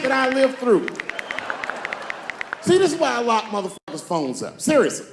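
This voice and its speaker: A middle-aged man doing profane, animated stand-up storytelling on stage before a live audience. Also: high voice, normal speed, pauses often, a crowd in the background, background noise. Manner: animated, profane, acts out voices. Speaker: stand-up comedian. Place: comedy stage before a crowd. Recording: live club set with loud audience.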